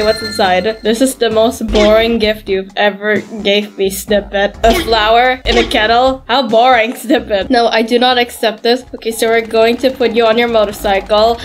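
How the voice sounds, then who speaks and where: A woman hosting a gaming video, narrating her play in a chatty, playful way. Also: a little high. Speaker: gaming channel host. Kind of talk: casual gameplay narration.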